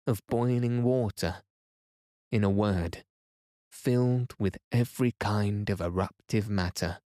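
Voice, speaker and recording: A man voicing a frightened young explorer who pleads in agitated questions, in a soft reading voice. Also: fairly low pitch, no echo, clean studio sound.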